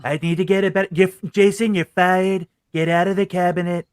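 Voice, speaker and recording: A man's voice: high voice, flat delivery, fairly quick, clean tone, dry recording, studio quality, natural voice. A man doing a blustering politician impression. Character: blustering older male politician, boastful.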